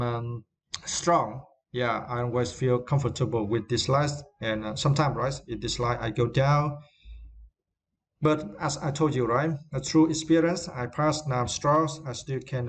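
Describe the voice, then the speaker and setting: A man's voice: mid-range voice, gravelly. Hesitant man teaching English vocabulary. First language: Vietnamese. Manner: hesitant, many fillers and tag questions. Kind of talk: vocabulary lesson.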